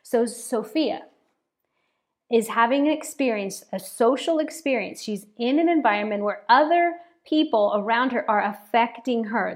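A woman pastor preaching a sermon in an animated way, repeating words for emphasis. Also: on the high side. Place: church, speaking to a congregation and online chat.

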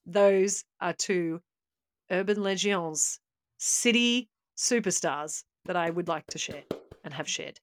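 A woman's voice: on the low side, slow, no echo. An Australian woman co-hosting a comedy podcast, telling a legend in a mock-serious, tongue-in-cheek way. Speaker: podcast co-host. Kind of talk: comic podcast storytelling.

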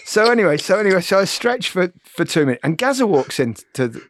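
A man's voice: sits high, fast talker. A middle-aged man hosting a podcast, telling a story in casual chat and laughing often. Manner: lively anecdote-teller, laughs often. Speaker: podcast host.

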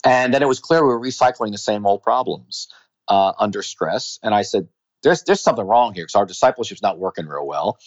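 Man, New York accent, pastor guest, reflective, low pitch, muffled sound. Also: animated, a little fast. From New York, USA. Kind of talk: interview answers.

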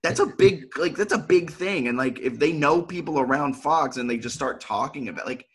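A man's voice: a little high, moderate pace, fairly bright tone, breathy edge. A young man co-hosting a sports podcast, chatting casually and asking himself rhetorical questions before answering them. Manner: talks in loose, repeating run-on phrases. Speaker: podcast co-host.

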